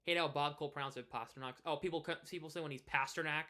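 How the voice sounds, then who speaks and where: A man's voice: on the high side, fairly even intonation, very fast, a bit bright. A man of twenty from New England, chatting casually on a live stream and rambling through many restarts and fillers. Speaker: live streamer and hockey podcaster.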